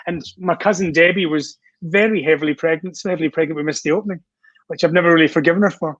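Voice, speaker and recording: A man's voice: a little high, fast, no echo, dull audio. A Scottish man on a video call, chatting as a guest and telling long stories with lots of fillers and restarts. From Scotland. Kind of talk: casual chat.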